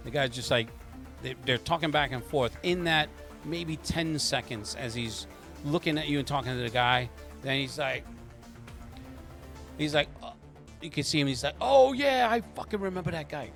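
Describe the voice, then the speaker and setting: A man's voice: medium pitch, normal speed, pauses often, sharp tone, faint music behind. Rambling male game master. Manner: rambling, many fillers and restarts. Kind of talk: narrating a tabletop game.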